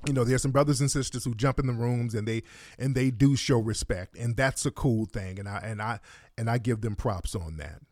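A man hosting a casual call-in livestream, talking in a calm, laid-back way. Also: medium pitch, a little fast, no room sound, studio quality. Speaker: call-in show host.

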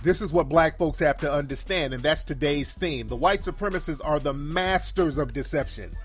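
A man's voice: fairly high pitch, normal speed, soft background music. A man hosting a call-in livestream show, delivering blunt, profane, emphatic commentary that repeats its key phrases for force.

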